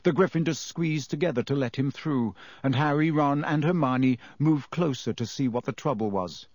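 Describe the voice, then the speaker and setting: A man narrating a fantasy audiobook in an expressive storytelling manner. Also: mid-range voice, moderate pace, dry recording. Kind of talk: scripted narration.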